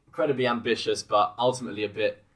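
A man's voice: on the low side, steady tone, rapid-fire, a bit bright. A young man co-hosting a podcast in casual chat, amused and teasing as he laughs between lines. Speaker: podcast co-host.

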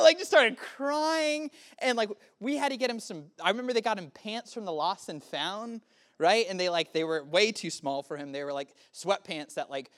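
A man's voice: high voice, expressive, a little fast, a bit bright. A man in his early thirties preaching casually to a youth group, often asking the room questions. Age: 30s. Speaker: youth pastor. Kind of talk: youth sermon.

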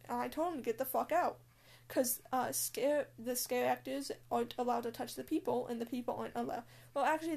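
A woman's voice: a little high, creaky, a little mellow. A young woman telling a story in casual chat, blunt and full of swearing and fillers. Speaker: scare actor.

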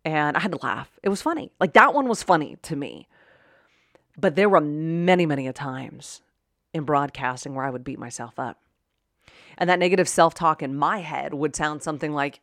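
A woman hosting a personal motivational talk, conversational, moving from quiet musing to loud, emphatic bursts. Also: sits low, lively intonation, moderate pace, no echo, studio quality. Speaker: podcast host.

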